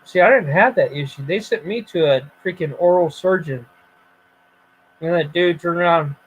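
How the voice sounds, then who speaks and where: A man hosting a casual voice chat stream, telling stories in an animated way and acting out the scenes with exclamations. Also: fairly high pitch, moderate pace, husky, poor audio. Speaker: streamer host.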